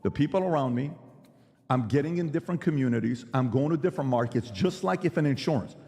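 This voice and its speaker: A man's voice: mid-range voice, lively intonation, fast talker, darkish tone, big-room sound. A middle-aged man hosting a podcast who argues emphatically, firing rhetorical questions and mimicking other people's lines. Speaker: podcast host. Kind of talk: animated debate monologue.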